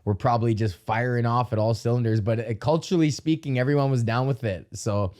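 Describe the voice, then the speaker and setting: A man's voice: mid-range voice, brisk, darkish tone. A young man from Alberta, Canada, hosting a podcast, telling stories in a profane, rambling comedic rant with yelps acting out pain. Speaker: podcast host.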